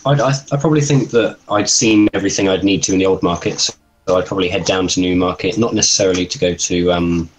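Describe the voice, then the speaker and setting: A low-voiced man taking his turn in a tabletop game. He talks politely, hesitating and repeating words as he goes. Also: quick pace, low-quality recording. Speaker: player. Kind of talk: in-character tabletop play.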